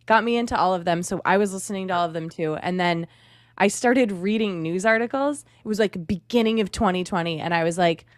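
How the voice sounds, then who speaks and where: A woman's voice: lowish voice, brisk, dry recording. Chatty frank woman, dry sound. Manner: frank, chatty, casual swearing. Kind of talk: casual podcast chat.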